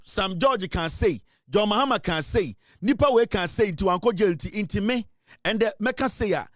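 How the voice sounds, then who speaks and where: A man's voice: high voice, no echo, studio quality. A Ghanaian man giving impassioned political commentary, emphatic and full of fillers as he switches between English and Twi.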